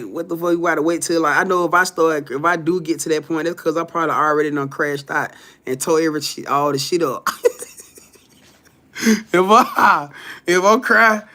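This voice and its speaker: Man hosting a live stream: high, bright voice, loose and profane, laughs between lines as he reads the chat aloud. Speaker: livestream host reading viewer comments.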